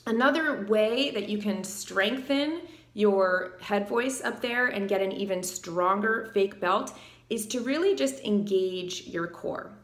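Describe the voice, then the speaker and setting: A woman vocal coach with a low alto voice explaining singing technique and singing short demonstration phrases. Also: slow pace, reverberant. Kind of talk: singing tutorial.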